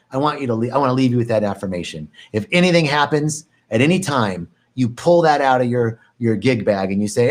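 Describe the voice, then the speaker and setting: A man giving a reflective meditation talk on a live stream, calm and repetitive, now and then lifting his voice to act out anxious thoughts. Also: mid-range voice, a little fast, hardly any pauses. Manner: calm, reflective, repeats phrases, swings into animated mock panic. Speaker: meditation teacher.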